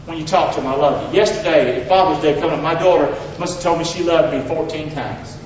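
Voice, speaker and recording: A man preaching a Father's Day sermon in a church, leading call-and-response and swinging between loud exhortation and hushed asides. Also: fairly high pitch, fairly even intonation, fast talker, a little hiss or hum. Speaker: pastor. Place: church sanctuary. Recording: very echoey hall, distant mic, slightly dull.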